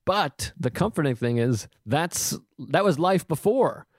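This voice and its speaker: A man's voice: fairly high pitch, lively intonation, unhurried, no room sound. A man hosting a podcast, chatting casually and rambling a bit, swearing and joking as he talks. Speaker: podcast host, comedian.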